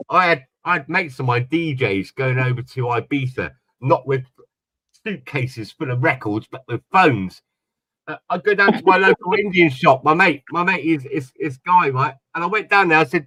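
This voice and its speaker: A man's voice: on the high side, normal speed, a bit bright, dry recording, poor audio. A man telling a long story in casual chat on a panel, rambling and repeating his words. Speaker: panel guest.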